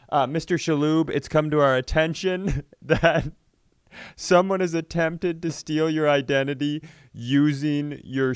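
Comedian host, male, smooth clear tone, animated storyteller. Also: a little high, dry recording, clean studio sound. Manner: animated, acts out phone voices, laughs mid-story. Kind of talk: casual storytelling.

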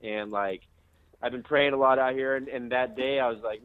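A man calling in to a podcast, talking in a relaxed, rambling way. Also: medium pitch, moderate pace. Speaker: caller. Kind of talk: casual chat over a call. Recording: phone-line call.

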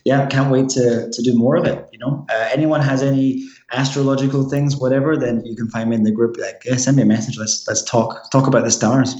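A man's voice: medium pitch, steady tone, a little fast, few pauses, a little mellow, dull audio. A man with a Scottish accent, a podcast guest chatting casually in a laid-back way and laughing easily. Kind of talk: casual chat. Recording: roomy echo.

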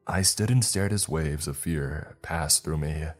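A man with a very deep, low voice reads a horror story in a measured, steady way. His tone is husky, with faint music playing underneath. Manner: measured storytelling, first-person narrator. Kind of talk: scripted narration of a horror story.

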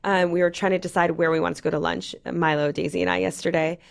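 A woman's voice: fairly low pitch, little pitch movement, fast talker, vocal fry. A woman in her thirties co-hosting a podcast, chatting casually and frankly, swearing freely and filling her sentences with "um" and "like.". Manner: frank and profane, full of "um" and "like". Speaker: podcast co-host. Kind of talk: casual chat.

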